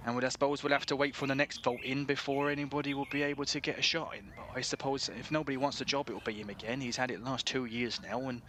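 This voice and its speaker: A man's voice: mid-range voice, steady tone, fast, few pauses, fairly bright tone, slight background noise, lightly acted. A man voicing a gossipy middle-aged male shopkeeper with a British country accent, who chats, grumbles and swears freely. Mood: grumbling.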